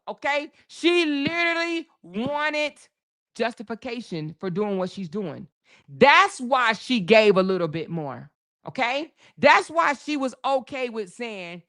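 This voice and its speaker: A woman's voice: a little high, sing-song, a little slow, fairly bright tone. Female host, casual drama commentary; AAVE, emphatic, profane, playful mimicry. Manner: sassy, emphatic, profane, acts out quotes.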